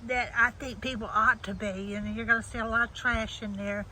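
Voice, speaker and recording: A woman's voice: a little high, fairly even intonation, a little fast, sharp tone, a little hiss or hum, poor audio. A woman giving a rambling, chatty walk-through of her garden outdoors, restarting her sentences often. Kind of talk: casual walk-through tour.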